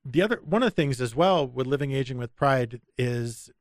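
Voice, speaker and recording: A man's voice: medium pitch, animated, normal speed, no echo, clean studio sound. A man hosting a podcast interview, mostly giving short affirmations and asking questions. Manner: affirming, short agreements and laughs. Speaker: podcast host.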